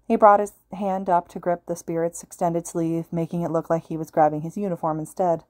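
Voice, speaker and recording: Woman reading a fan fiction audiobook, lowish calm voice, dry close read. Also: a little fast, dry recording. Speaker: podfic reader.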